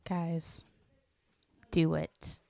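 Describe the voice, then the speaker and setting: A woman's voice: deep voice, completely flat delivery, extremely slow, gravelly, mellow, no room sound. A woman co-hosting a podcast, chatting casually with joking asides and little energy. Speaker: podcast co-host. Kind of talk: casual chat.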